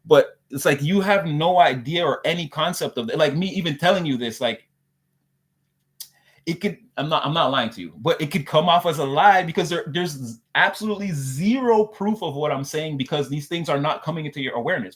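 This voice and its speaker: A man's voice: fairly high pitch, a little fast. A man delivering a loose, rambling spiritual message to his viewers, repeating "again" and circling back on his points. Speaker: spiritual reader.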